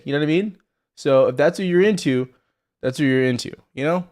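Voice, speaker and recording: A man's voice: a little high, brisk, a little mellow. Blunt rambling male trading streamer. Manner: rambling, blunt and profane, addresses viewers directly. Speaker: stock trading livestream host. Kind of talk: casual live market commentary.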